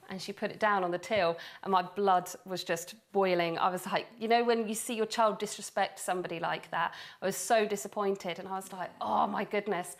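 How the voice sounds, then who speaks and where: A woman's voice: mid-range voice, fairly even intonation, fairly quick, few pauses. A woman, a mother co-hosting a faith-based parenting chat show, who tells stories and acts out the dialogue. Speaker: co-host, mother.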